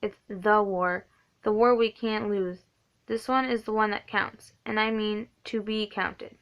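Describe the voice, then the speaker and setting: A woman's voice: mid-range voice, fairly even intonation, unhurried, clear, resonant tone, muffled recording, close to an everyday voice. A woman reading the lines of a small, stubborn young man set on enlisting, in her own plain voice. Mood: earnest.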